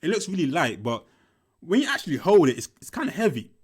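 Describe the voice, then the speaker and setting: Young guy rambling through a story, voice jumping all over, kinda high, laughs and swears a lot. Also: quick pace, husky. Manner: animated, laughing, swears, repeats himself. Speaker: movie reaction commentator. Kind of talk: casual storytelling.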